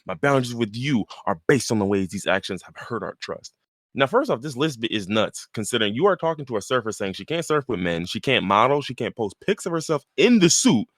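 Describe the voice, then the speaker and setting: A young man co-hosting a casual podcast, animated and laughing often, reading out posts in mocking voices. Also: medium pitch, a little fast, no room sound, clean studio sound. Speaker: podcast co-host. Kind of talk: casual chat.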